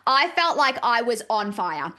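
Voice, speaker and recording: A woman's voice: fairly high pitch, unhurried. A woman who is a psychic medium, a guest on a casual podcast, talking animatedly and acting out quoted dialogue. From Australia. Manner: animated, acts out quoted dialogue, many "like" fillers.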